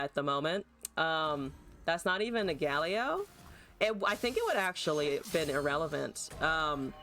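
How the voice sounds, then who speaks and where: A woman live-streaming a card game, her voice sitting on the lower side and swinging widely in pitch. She chats through each play, laughs easily, and breaks into salty, profane rants at her opponent. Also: fairly bright tone. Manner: chatty, laughs often.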